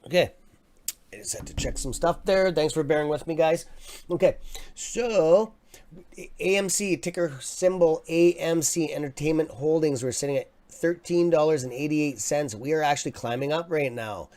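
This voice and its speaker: Excitable man hosting a live stock stream. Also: fairly high pitch, moderate pace. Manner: excitable, swears under his breath, apologetic. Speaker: livestream host. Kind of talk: casual live stock market chat. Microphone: desk microphone.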